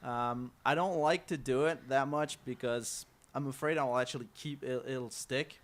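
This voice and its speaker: A man with an English accent, a guest chatting casually on a talk show in a relaxed, playful way with frequent hesitations. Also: mid-range voice, normal speed. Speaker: studio guest.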